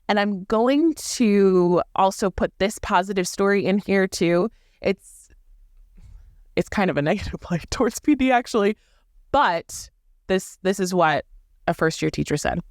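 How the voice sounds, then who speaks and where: A woman in her thirties talks through her own teaching experience with lively emphasis and playful asides. Her voice sits a little low for a woman. The recording is dry and close, with almost no room sound. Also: no room sound. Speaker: podcast host and teacher. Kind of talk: casual solo podcast talk.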